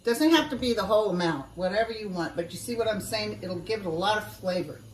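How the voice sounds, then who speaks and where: A woman's voice: mid-range voice, fast talker. Woman home cook for a casual cooking vlog, folksy and chatty with viewers, recorded off-mic in an echoey kitchen with faint noise. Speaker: home cook showing a recipe. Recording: roomy sound from a distance.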